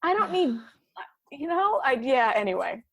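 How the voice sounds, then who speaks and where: A woman's voice: high-pitched, very animated, normal speed, fairly bright tone. A woman actor guesting on a podcast, chatting playfully and giggling, often quoting scenes in little voices. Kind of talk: casual chat.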